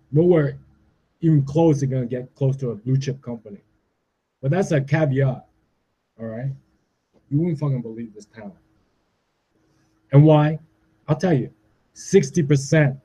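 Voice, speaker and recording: A man's voice: mid-range voice, measured pace, pauses often, mellow, slightly rough. A man in his forties from Canada, delivering a profane, agitated rant and ending his points with "all right?". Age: 40s. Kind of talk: ranting monologue.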